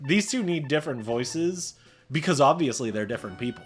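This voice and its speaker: A woman's voice: deep voice, animated, fairly quick, breathy edge, faint music behind. A woman playing a game aloud and voicing its lines, giggly and joking. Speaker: game streamer voicing the dialogue. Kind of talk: voiced let's play.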